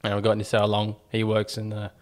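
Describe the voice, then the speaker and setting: A young Australian man hosting a relaxed sports podcast, easygoing and unhurried with plenty of ums. His voice is lowish and plain. He talks to his mate like it's a chat at the pub. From Newcastle, Australia. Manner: easygoing, uses fillers and mate. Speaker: podcast host.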